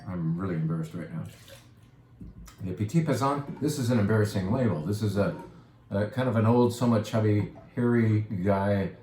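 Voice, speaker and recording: A man's voice: on the low side, normal speed, warm tone. A man hosting a casual wine presentation, chatty and playful with self-deprecating asides. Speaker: wine shop host. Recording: echoey room with faint ambience.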